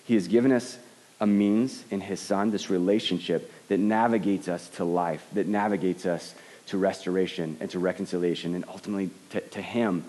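A man's voice: low-pitched, fairly even intonation, a little fast, mellow. A man giving an earnest sermon as a pastor, often stumbling and repeating words as he starts a thought. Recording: long hall reverb.

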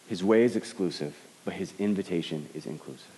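A man preaches with a low voice and an earnest, searching manner. He often repeats the first word of a phrase as he finds his way into a thought. His voice carries a long reverb, as if heard in a large hall. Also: a little fast, few pauses, mellow. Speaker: pastor. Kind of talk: sermon.

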